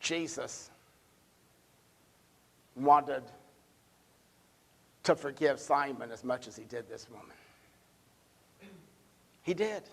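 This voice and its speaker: A male pastor preaching a sermon in church, emphatic and given to repeating words, swinging between loud stresses and hushed asides. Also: medium pitch, slow, vocal fry, long pauses, breathy edge, big-room sound. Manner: repeats words when building a point. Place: church sanctuary.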